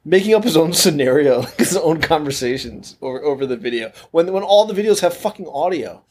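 A man's voice: fairly high pitch, animated, fairly quick, darkish tone. A man in his thirties co-hosting a podcast, joking around with profanity. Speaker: podcast co-host. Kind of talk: casual chat.

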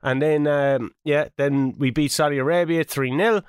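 A man's voice: fairly high pitch, fairly even intonation, moderate pace, clear, resonant tone, no echo, clean studio sound. An Irish man in his thirties co-hosting a casual podcast, bantering and swearing freely. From Ireland. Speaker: podcast co-host.

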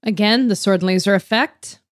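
A woman's voice: medium pitch, fairly quick, no echo. Woman, podcast co-host, teasing banter, dry close sound. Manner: playful, teasing. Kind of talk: casual chat.

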